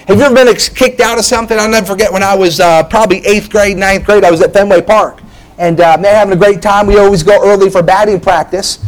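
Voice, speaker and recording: A middle-aged man with a notably high voice delivers a lively sermon. He talks in bursts of exclamation, often throwing in "hey" and "man" as he presses his points. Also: poor audio. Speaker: preacher.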